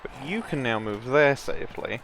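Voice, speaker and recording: A man's voice: mid-range voice, expressive, moderate pace, a bit bright, slight background noise. A man chatting casually while playing a tabletop sports game with friends, talking through his own moves in a playful way.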